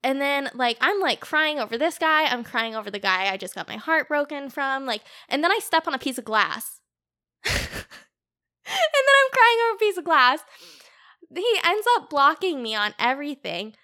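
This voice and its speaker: Woman podcast guest, bright and a touch high, chatty storyteller with lots of "like". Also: lively intonation, moderate pace. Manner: chatty storyteller, frequent "like" fillers, laughs easily. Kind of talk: casual podcast chat.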